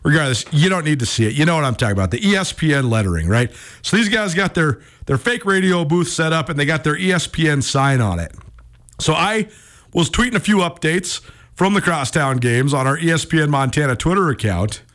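A man in his thirties hosts a sports radio show, his voice on the high side and brisk. He tells a story in a lively, self-mocking way, restarting himself many times.

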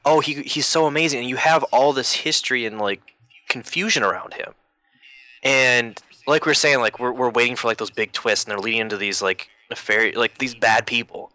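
Guy chatting about a game, bright punchy voice, dry close sound, gets animated doing the characters. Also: medium pitch, fairly quick, no echo, rough recording. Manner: animated, acts out characters in quotes. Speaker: podcast co-host. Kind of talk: casual chat about a video game.

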